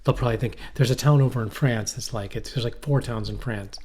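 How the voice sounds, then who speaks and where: A man's voice: medium pitch, a little fast, a little mellow, husky. A middle-aged man co-hosting a podcast, telling rambling stories with swearing and acted-out quotes. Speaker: podcast co-host. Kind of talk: casual chat. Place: cold shack.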